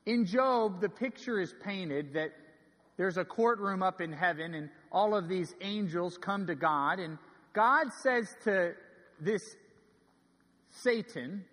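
Man, 30s, pastor preaching a sermon, high voice, earnest storytelling, loud emphasis to hushed asides, large church hall with long reverb. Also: animated, slow.

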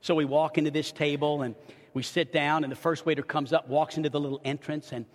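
A middle-aged man preaches a story-driven sermon from the pulpit, stumbling into restarts and repeated words as he warms to his tale. His voice sits a little high for a man, and each phrase rings out into the long reverb of a large church hall. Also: flat delivery, fairly quick. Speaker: pastor. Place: church sanctuary.

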